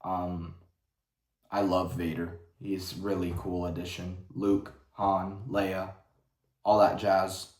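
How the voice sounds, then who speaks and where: A man's voice: sits low, level tone, takes it slowly, a little mellow. A man giving a casual livestream rant in a blunt, profane, rambling way. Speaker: vlogger. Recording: roomy echo.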